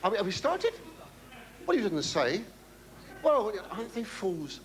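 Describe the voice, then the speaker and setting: A man's voice: high voice, wildly swooping pitch, normal speed. A British man performing a rambling, camp stand-up monologue for a navy crew aboard a ship, full of theatrical, cheeky asides. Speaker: comedian entertaining navy crew. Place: aboard a navy ship, before a live audience. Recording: noisy live recording.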